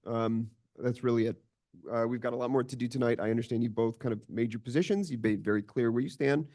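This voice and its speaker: A man chairing a village commission meeting, trying to calm two colleagues in a conciliatory, halting way. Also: medium pitch. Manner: conciliatory, hesitant, many fillers and restarts.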